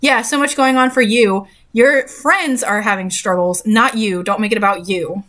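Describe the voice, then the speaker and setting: A woman's voice: mid-range voice, normal speed, fairly bright tone. Young woman, reads a story and critiques it, dry sarcastic asides. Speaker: host reading and critiquing a story. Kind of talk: dramatic reading with commentary.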